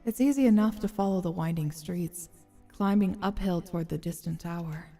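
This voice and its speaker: A woman streamer reads a story game's narration aloud, measured and expressive, adding casual asides. Her voice is fairly low and mellow, faint music plays behind her, and the audio has a big-room sound.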